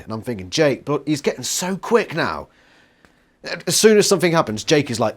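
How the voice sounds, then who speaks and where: A man reviewing a book in a casual, loose way. He is sarcastic and swears freely. His voice is mid-pitched and ordinary. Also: sing-song, normal speed.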